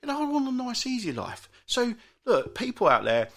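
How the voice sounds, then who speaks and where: A man's voice: huge pitch swings, normal speed, creaky, a bit bright. Grumbling British man ranting. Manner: exasperated, grumbling, with frequent restarts and big pitch swings. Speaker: podcast host. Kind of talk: solo ranting monologue.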